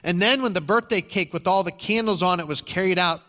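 A middle-aged male pastor preaching a story in a church, with a bright, forceful tone and a fairly high voice. He talks conversationally and restarts often. A long reverb from the sanctuary trails every line. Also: fairly quick. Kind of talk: sermon storytelling.

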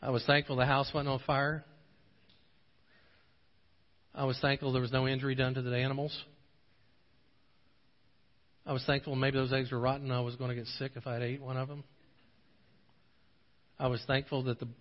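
A man's voice: medium pitch, normal speed, long pauses. Preaching man in an echoing sanctuary. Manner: passionate, swelling to pleading intensity in prayer passages; relaxed storytelling in anecdotes. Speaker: pastor. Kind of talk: sermon. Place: church sanctuary. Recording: dull audio with long hall reverb.

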